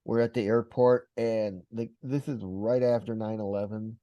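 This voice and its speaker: Low dark-voiced man telling a story. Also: moderate pace, no echo, dull audio. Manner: animated retelling with quoted voices. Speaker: podcast host. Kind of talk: casual interview, storytelling.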